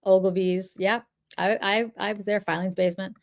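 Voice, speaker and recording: A middle-aged woman from the Boston area of New England hosts a livestream, chatting casually and answering viewer comments as they come in. She speaks at normal speed in a mid-range voice with fairly even intonation.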